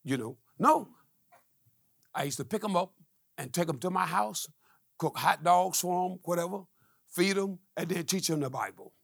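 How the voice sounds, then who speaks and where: A middle-aged man preaching a testimony sermon, telling stories with quoted dialogue and rising to shouts. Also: sits high, expressive, moderate pace, vocal fry, pauses often, no echo, clean studio sound. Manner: call-and-response preaching, climbing to shouts.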